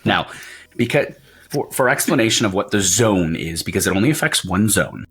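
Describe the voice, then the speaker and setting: A man's voice: on the low side, expressive, brisk, fairly bright tone, husky. A man narrating as game master of a tabletop role-playing session, describing scenes at length with frequent restarts.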